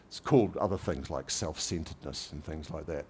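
A man's voice: rumbling low, brisk, a little hiss or hum. A man preaching a conversational sermon, telling everyday stories with light humor. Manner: relaxed, anecdotal storytelling with light humor. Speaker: pastor.

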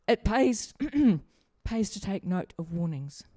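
A woman's voice: on the low side, lively intonation, slow pace, warm tone, dry recording. A middle-aged woman, preaching a sermon in a chatty, humorous way and asking the congregation questions. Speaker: pastor. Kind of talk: sermon with personal stories.

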